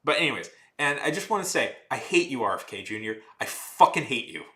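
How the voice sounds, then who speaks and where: Streamer man, 30s, rambling and ranty, sharp bright tone, echoey room. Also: mid-range voice, big pitch swings, a little fast. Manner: rambling, heavy use of "like", restarts and trails off; heated, ranting. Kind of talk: casual rambling chat while drawing.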